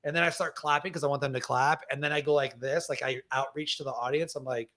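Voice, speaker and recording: A man's voice: medium pitch, steady tone, fast, pushed and bright, no room sound. A man as an interview guest, telling stories energetically, acting out audience scenes and saying "like" a lot. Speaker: guest speaker. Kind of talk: casual interview storytelling.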